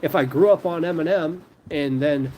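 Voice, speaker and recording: A man's voice: fairly high pitch, normal speed, a little mellow, slight background noise. A man hosting a live stream in casual chat, rambling with lots of fillers.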